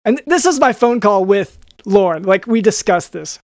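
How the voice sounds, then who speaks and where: A man with a high-pitched, lively voice talks at a moderate pace, riffing his way through a podcast sponsor read. As a co-host improvising the ad, he rambles, jokes, and restarts often. The recording is dry and studio quality.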